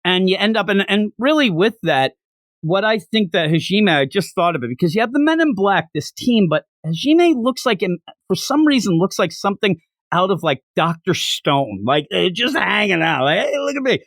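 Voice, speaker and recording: An animated podcast host recaps a manga in loose, joking chat, the pitch swooping widely from line to line. The voice sits close and dry with no room sound. Quick character impressions keep popping up mid-sentence. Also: no room sound.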